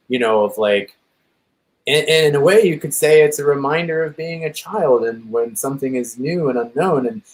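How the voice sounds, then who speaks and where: A man's voice: mid-range voice, low-quality recording. Thoughtful man talking casually. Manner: thoughtful, searching for words, repeats phrases. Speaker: podcast host. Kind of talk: casual conversation.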